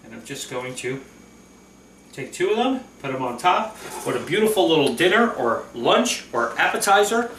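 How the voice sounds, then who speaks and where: A man's voice: on the high side, sing-song, normal speed, fairly bright tone, echoey room, recorded from a distance, slight background noise. A man hosting a cooking vlog, talking casually and enthusiastically through a recipe, often checking in with "okay?".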